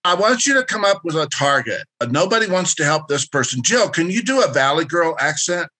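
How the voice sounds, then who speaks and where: This man's voice sits fairly high, moves through big pitch swings, and sounds bright and forceful as he talks briskly. He's presenting a career workshop as an interactive lecture, instructing directly, encouraging people and pulling answers out of the participants.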